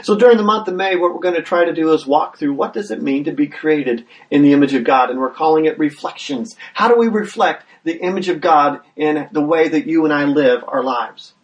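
A man preaching a sermon in a fairly high voice, earnest and plain, often stumbling over the first words of a phrase. He builds momentum with repeated questions to the listeners. The mic sits some way off from him. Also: fairly quick, few pauses, recorded from a distance, poor audio. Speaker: pastor.

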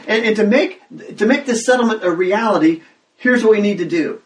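A man preaching a sermon as pastor, talking conversationally and breaking into loud acted exclamations. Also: high-pitched, normal speed. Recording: roomy sound, mic at a distance.

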